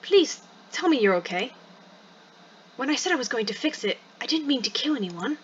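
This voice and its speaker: A woman voicing a shy, gentle young man with a soft British accent in a visual novel game. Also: high-pitched, sing-song, normal speed, breathy edge, lo-fi sound, voice pushed up, heavily acted. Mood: worried.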